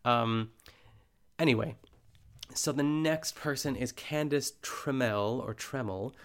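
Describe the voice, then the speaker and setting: A man's voice: mid-range voice, takes it slowly. A man hosting a podcast, talking in a casual, chatty way with lots of filler words and frequent laughs. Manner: laughs often while talking. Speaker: podcast host.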